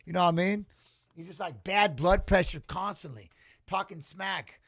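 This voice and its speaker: Excitable high-voiced man streaming fight commentary. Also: moderate pace, dry recording. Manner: excitable, rambling, talks back to chat. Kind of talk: live-stream watch-along commentary.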